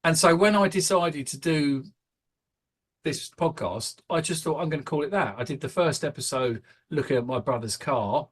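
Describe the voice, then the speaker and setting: Rambling British podcast host. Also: male voice, fairly high pitch, normal speed, husky. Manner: rambling, hesitant, many fillers. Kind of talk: casual podcast chat.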